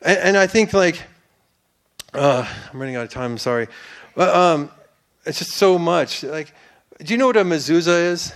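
Man with a slightly higher voice, telling his faith testimony; earnest, rambling, turns fervent like a preacher. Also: animated, moderate pace. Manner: earnest and rambling, with many restarts and fillers; builds to fervent, preacher-like declarations. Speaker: church testimony speaker.

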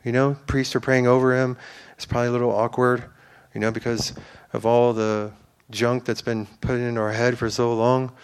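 A man's voice: mid-range voice, level tone, moderate pace, hardly any pauses, a little hiss or hum. A man giving an informal, earnest sermon to a church, rambling with fillers and restarts. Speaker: preacher.

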